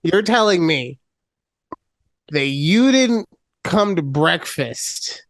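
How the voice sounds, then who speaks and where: A man's voice: a little high, expressive, extremely slow, fairly bright tone, no echo, clean studio sound. A man co-hosting a podcast, chatting casually with a playful, teasing manner. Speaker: podcast co-host. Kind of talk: casual chat.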